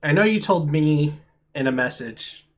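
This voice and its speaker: A man running a tabletop game as game master, talking in a halting way with many pauses and restarts. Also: fairly high pitch, lively intonation. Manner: halting, full of ums and restarts.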